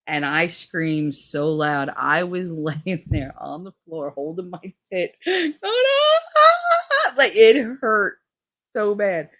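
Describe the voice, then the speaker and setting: A middle-aged woman with a somewhat low voice, chatting casually on her stream. She rambles through crude stories and swears freely. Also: animated, slow pace, fairly bright tone. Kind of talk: casual chat.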